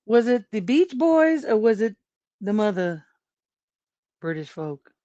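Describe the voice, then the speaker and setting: A woman's voice: medium pitch, sing-song, takes it slowly, warm tone, dry recording, dull audio. A woman hosting a casual livestream, rambling about everyday topics, laughing often and chatting with viewers. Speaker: livestream host.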